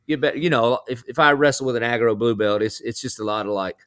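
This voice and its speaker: A male pastor who is a guest on a podcast, speaking at a middle pitch in a relaxed, brotherly way. He now and then slips into a preaching cadence. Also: quick pace, smooth. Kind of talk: casual interview chat.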